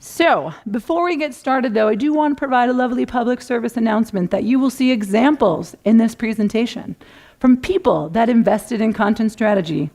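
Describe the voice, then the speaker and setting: A middle-aged woman giving a conference talk, animated and acting out clients' panicked voices. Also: on the high side, brisk. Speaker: conference speaker. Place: conference room.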